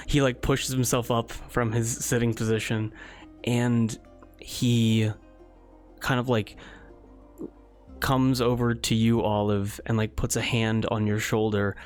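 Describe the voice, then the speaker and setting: Unhurried male game master. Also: medium pitch, level tone, faint music behind. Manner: casual, with lots of fillers. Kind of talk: narrating a tabletop game.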